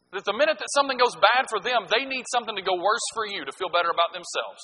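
A middle-aged man preaching a sermon, swinging from loud, punchy lines to hushed ones. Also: high voice, animated, fast talker, husky, in a large hall, poor audio. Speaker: pastor.

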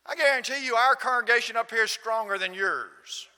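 A man's voice: a little high, big pitch swings, normal speed, sharp tone, full character voice. A man voicing a boastful, insistent male churchgoer from a small northern congregation. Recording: long hall reverb.

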